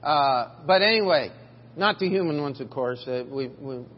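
A middle-aged man preaches as pastor in a church sanctuary, his mid-range voice expressive and moderately paced, with a faint hiss or hum. He's folksy and emphatic and restarts frequently. The sound is dull and lo-fi, carrying long reverb.

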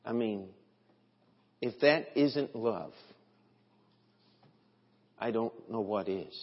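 A man preaching a sermon as pastor, slow and deliberate, with emphatic swells in his delivery. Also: fairly low pitch. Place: church sanctuary. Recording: dull, lo-fi, long hall reverb.

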